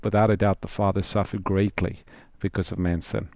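A man's voice: deep voice, level tone, a little fast, gravelly, a little mellow, no echo, studio quality. A man co-hosting a call-in Bible show, quoting verses and affirming the pastor's answers. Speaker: radio co-host.

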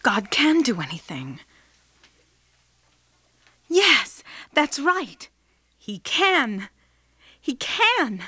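An actress playing a devout young nurse in a radio drama, earnest and fervent. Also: female voice, high-pitched, expressive, moderate pace, fairly bright tone.

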